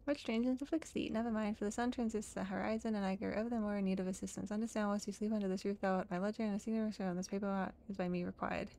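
A woman's voice: mid-range voice, steady tone, rapid-fire, gravelly, hardly any pauses, dark tone, lightly acted. A woman voicing a prim, formal lady who speaks in stiff, archaic phrasing.

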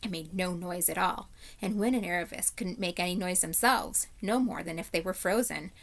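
A woman teacher reading a children's novel aloud in steady, clear storytelling narration. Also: fairly low pitch, moderate pace.

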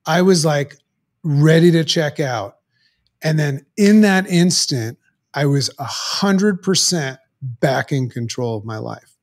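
A middle-aged man speaks as a podcast guest, recounting a turning point from his past. His voice sits a little high for a man, and he talks earnestly, pausing and restarting as he works through his memories. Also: expressive. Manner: earnest, halting, with many restarts. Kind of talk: personal storytelling in conversation.

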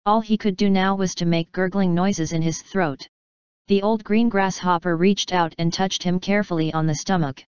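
Brief: lowish female narrator, crisp and smooth, dry, slightly dull recording. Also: steady tone, normal speed, darkish tone, dry recording. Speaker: audiobook narrator. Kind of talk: scripted story narration.

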